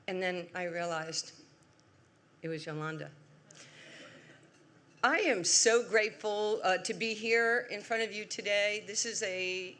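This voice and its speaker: A woman in her sixties with a New York accent, giving an award acceptance speech as a lively, humorous storyteller. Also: mid-range voice, unhurried, long pauses. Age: 60s. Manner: lively, humorous storyteller, acts out quoted voices. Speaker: award honoree. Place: large event hall.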